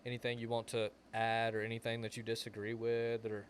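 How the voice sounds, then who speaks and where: A man's voice: medium pitch, monotone, a little fast, a little hiss or hum. A young man, co-hosting a podcast and telling a rambling story that leans on "like". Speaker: podcast co-host. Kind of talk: casual chat.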